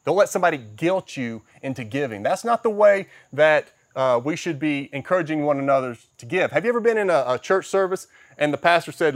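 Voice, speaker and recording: A middle-aged man preaching a sermon as a pastor, emphatic, swinging between loud stresses and soft, quiet passages. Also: fairly high pitch, animated, moderate pace, dry recording, studio quality.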